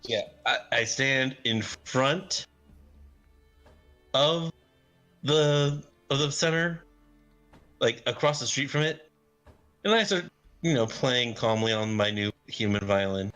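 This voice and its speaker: A man's voice: mid-range voice, lively intonation, slow, long pauses, sharp tone. Man, tabletop player, casual, joking, arguing rules, faint music behind. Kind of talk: casual tabletop game play.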